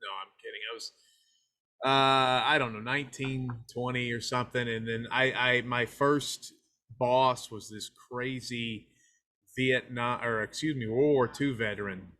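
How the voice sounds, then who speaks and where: A man with an East Tennessee twang talks in a bright, forward voice, rambling through folksy stories as a guest on a casual podcast. His pitch sits in a middle range for a man. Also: fairly even intonation, a little slow. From United States. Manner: folksy storyteller, slips into a hyped funky DJ persona. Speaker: guest, filmmaker and pro wrestler.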